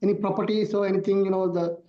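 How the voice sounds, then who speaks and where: A man's voice: high voice, level tone. Man on a muffled, roomy call line. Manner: halting, searching for words. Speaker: course participant. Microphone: video call.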